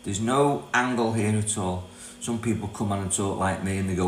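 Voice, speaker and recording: A man's voice: lowish voice, moderate pace. An older man from Britain hosting a casual self-help livestream, chatty and rambling, reading viewer comments aloud and laughing often. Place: property in Thailand. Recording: echoey room with mains hum.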